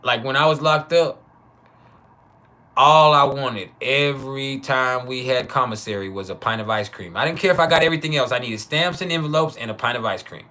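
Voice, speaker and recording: A man's voice: mid-range voice, sharp tone. A man hosting a casual live stream, joking and laughing often as he chats with viewers. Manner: loose, joking, laughs often, drawn-out names. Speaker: livestream host.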